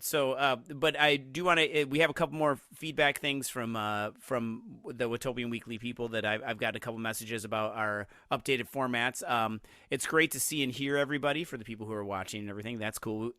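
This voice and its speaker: Bright-voiced rambling podcast host. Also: male voice, medium pitch, no room sound, clean studio sound. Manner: rambling, lots of restarts and filler words. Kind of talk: casual chat.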